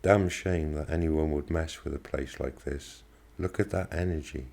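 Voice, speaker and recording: A man's voice: extremely low pitch, moderate pace, creaky, a little mellow. A man reading aloud, voicing a fit middle-aged man who talks eagerly about old forests. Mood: earnest.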